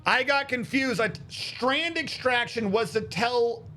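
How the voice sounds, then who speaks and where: A man's voice: very high voice, slow, bright, forceful tone, slight background noise. A man streaming a game, thinking aloud on a headset as he troubleshoots. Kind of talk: casual gameplay commentary.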